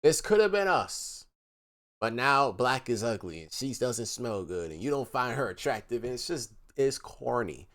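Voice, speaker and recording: A man streaming live, reacting to text messages in casual commentary, mocking and animated, reading quotes in a flat voice. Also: mid-range voice, normal speed.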